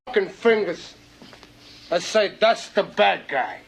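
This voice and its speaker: An actor playing a defiant gangster in a film scene, speaking with a slurring, contemptuous edge. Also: male voice, high voice, expressive, takes it slowly, creaky, very noisy, heavily acted. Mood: scornful.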